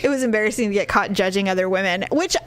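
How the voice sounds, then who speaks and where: A middle-aged woman co-hosting a podcast, telling a story in casual chat, laughing often and swinging her pitch wildly when she quotes people. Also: fast talker. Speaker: podcast co-host.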